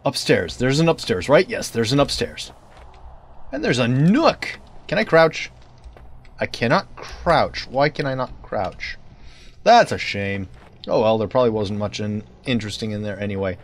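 A man's voice: on the low side, normal speed. A young man giving rambling, joking commentary on a horror game he plays, slipping into a put-on hillbilly drawl. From United States. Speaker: let's play gamer.

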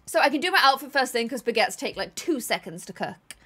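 Bubbly, high-voiced woman streamer. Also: very animated, a little fast, fairly bright tone, slightly rough. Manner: bubbly, dramatic exclamations, thanks viewers. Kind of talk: live gameplay stream chat.

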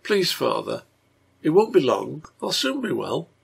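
A man voicing a gentle, pleading, sick little girl in a read-aloud story, with a husky, gravelly voice. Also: on the high side, huge pitch swings, measured pace, pitched above the performer's own voice, heavily acted.

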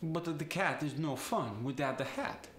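Man, put-on Italian accent, staccato rhythm, slow and lilting, roomy echo. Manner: staccato, melodic, lively pitch. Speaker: accent demonstrator.

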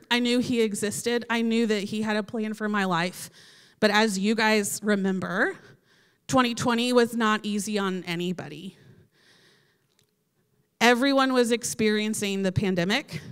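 A woman's voice: on the high side, fairly bright tone, clear, resonant tone. Casual young woman preaching in a hall. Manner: casual, filler-heavy with frequent "like". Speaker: youth speaker. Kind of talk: youth sermon. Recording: reverberant hall.

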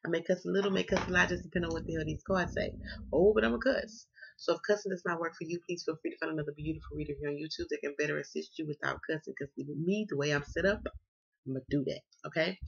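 A tarot reader with a Southern US accent does a reading in a casual, slangy, playful way, cussing freely as she chats. Her low-pitched voice is fast, husky, and full of vocal fry, and the recording has a dull lo-fi sound.

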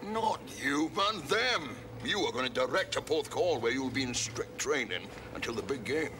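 A man plays a pompous rugby official, blustering and grand, with a lively voice that rises and falls. Clear music runs under his lines in this film scene. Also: mid-range voice, normal speed, close to an everyday voice. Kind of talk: film acting.

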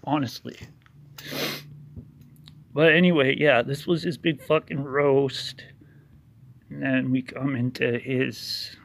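Gravelly, profane ranting man. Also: medium pitch, fairly even intonation, slow pace, pauses often. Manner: angry, sarcastic, heavy swearing. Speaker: YouTuber narrating over a video. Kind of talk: profane ranting voice-over commentary.

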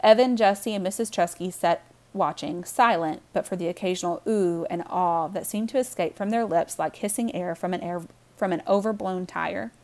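A woman reading a children's novel aloud with warm, expressive storytelling. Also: lowish voice, moderate pace. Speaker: audiobook reader.

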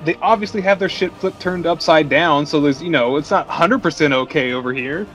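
A man co-hosting a movie podcast, easygoing and rambling, with his thoughts strung together by "like." His voice sits a bit higher than most men's. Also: a little fast, a bit bright, faint music behind. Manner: easygoing and rambling, full of "like" fillers. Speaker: podcast co-host. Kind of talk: casual movie-review chat.

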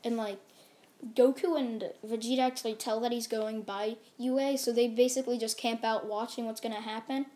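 A woman's voice: a little high, fairly even intonation, moderate pace, warm tone. A woman casually narrating a fan-made story, rambling with many fillers and restarts.

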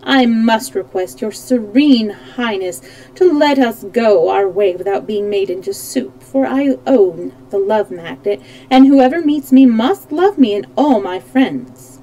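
A kindly, brave man from a storybook, polite and consoling, as a woman reads him. His voice stays close to the reader's own, mellow and gentle. Nothing about it is harsh or strained. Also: a little high, very animated, measured pace, low-quality recording. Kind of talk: storybook read-aloud.

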